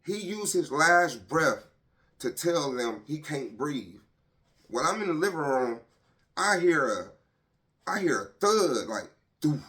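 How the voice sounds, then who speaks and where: Man telling a painful story, halting. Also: fairly high pitch, big pitch swings, bright, forceful tone. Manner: halting, repetitive, checks in with "right?" and "you know"; heavy and emotional, voice dropping when he speaks of his pain. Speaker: grieving father telling his story. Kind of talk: personal storytelling to camera.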